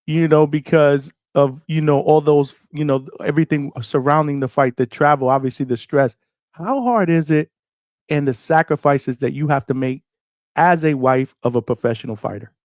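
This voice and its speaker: A man's voice: fairly high pitch, a little mellow, no echo, studio quality. A man hosting a live show, asking long rambling questions full of fillers. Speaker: host. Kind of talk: casual interview.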